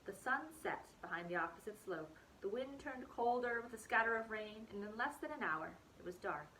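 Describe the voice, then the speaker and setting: A woman teacher reading a novel aloud to her class in an expressive storytelling manner. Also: on the high side, normal speed, a little hiss or hum, poor audio.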